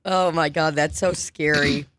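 A woman's voice: sits low, steady tone, measured pace, fairly bright tone, no echo. A woman co-hosting a podcast in casual chat, teasing, laughing often and swearing freely. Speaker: podcast co-host.

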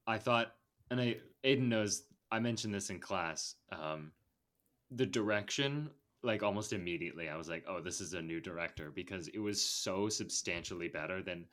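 A man's voice: sits low, a bit bright. A young man co-hosting a podcast, chatting casually and teasing his friends with jokes. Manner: joking, teasing banter. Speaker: podcast co-host. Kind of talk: casual chat.

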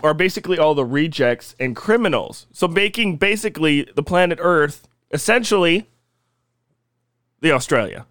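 A man's voice: on the high side, animated, normal speed, a bit bright, no room sound, studio quality. A man co-hosting a casual comedy podcast, laying out absurd theories in a teasing, mock-serious way. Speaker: podcast co-host presenting conspiracy theories.

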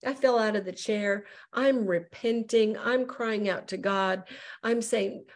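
A middle-aged woman evangelist, a guest on a show, telling a personal testimony in an animated way and acting out the voices she quotes. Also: medium pitch, measured pace.

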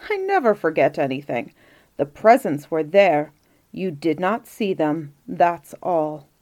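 A woman voicing a sleepy, wise old Grandfather Christmas in a storybook reading, slow and gently firm. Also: deep voice, very animated. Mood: drowsy firm.

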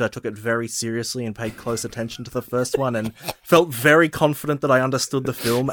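A man's voice: medium pitch, fairly bright tone. A man co-hosting a casual film podcast, explaining a plot steadily with fillers. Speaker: podcast co-host. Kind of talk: casual movie discussion.

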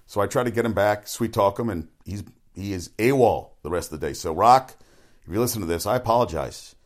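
A man's voice: lowish voice, brisk. A man hosting a sports talk show, rambling bluntly from one topic to the next with frequent restarts and swearing. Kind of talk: rambling casual monologue.

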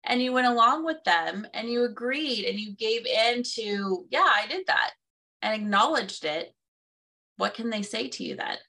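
A woman's voice: a little high, moderate pace, gravelly, bright, forceful tone, far from the mic. A woman co-hosting a casual conversation, who acts out quoted reactions and laughs at herself. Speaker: co-host.

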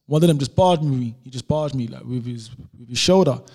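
Gravelly fast-talking man from London. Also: medium pitch, warm tone. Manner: laid-back, peppers talk with "bro" and "whatever". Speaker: YouTuber. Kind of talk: casual storytelling chat.

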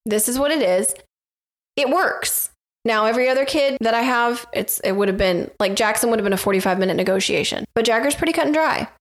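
Woman, slightly high voice, frank, self-assured, casual podcast chat. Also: a little fast.

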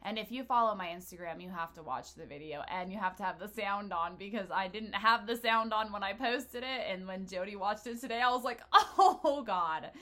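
A woman's voice: medium pitch, a little fast, hardly any pauses, bright, forceful tone. A woman in her early thirties co-hosting a podcast, telling stories in loose casual chat with lots of laughing and swearing. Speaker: podcast co-host.

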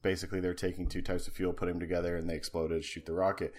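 A man's voice: deep voice, flat delivery, fast. A man co-hosting a podcast, telling a long story in a loose, rambling way full of ums and restarts. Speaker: podcast co-host. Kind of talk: casual chat.

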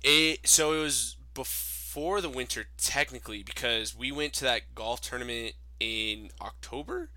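A man's voice: mid-range voice, a little slow, few pauses, sharp tone, dry recording. A man hosting a podcast, chatting casually in a rambling, profane way with frequent laughs. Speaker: podcast host. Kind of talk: casual chat.

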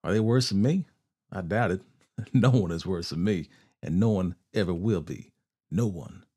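Man doing a cocky outlaw, snickering drawl, deep mellow voice, storybook. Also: moderate pace, breathy edge. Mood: defiant. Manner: snickering, drawling backwoods grammar. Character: cocky mocking male outlaw, fearless.

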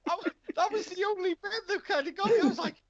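A man's voice: extremely high pitch, quick pace, highs cut off, slight background noise. A man with an English accent telling a comedic story, acting out both sides of the dialogue as he rants.

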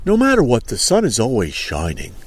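A man's voice: medium pitch, wildly swooping pitch, brisk, slightly rough. A man hosting a casual outdoor live stream, rambling and joking while reading out viewer comments. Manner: rambling, jokey, reads viewer comments aloud. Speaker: podcast host.

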